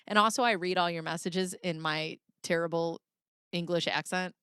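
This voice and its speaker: A woman's voice: mid-range voice, fairly even intonation, moderate pace, a bit bright, clear, resonant tone, no room sound, clean studio sound. A woman hosting a livestream in casual commentary, laughing often and reading viewer chat aloud. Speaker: livestream host.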